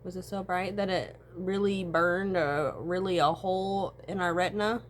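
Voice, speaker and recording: A woman's voice: fairly low pitch, moderate pace, a little hiss or hum. A woman, talking in a casual, profane personal monologue. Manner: casual, profane, animated storytelling with frequent laughs.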